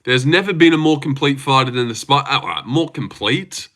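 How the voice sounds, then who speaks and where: Brisk and expressive, a young livestream host with a mid-range, pushed and bright voice jokes at his own expense while teasing his chat.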